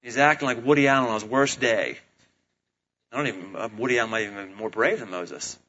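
A man preaching a sermon in a casual, humorous, animated way, on a dull lo-fi recording. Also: medium pitch, fast talker, a little hiss or hum. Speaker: pastor.

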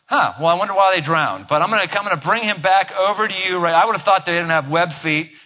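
Man, pastor, high voice, casual joking sermon, dull lo-fi recording. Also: fast, pushed and bright. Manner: joking, conversational preaching. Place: church stage.

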